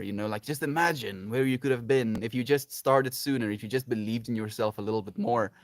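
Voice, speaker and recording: A man's voice: medium pitch, dry recording. A sleep-deprived man rambling affectionately on a livestream, reading chat aloud and laughing often.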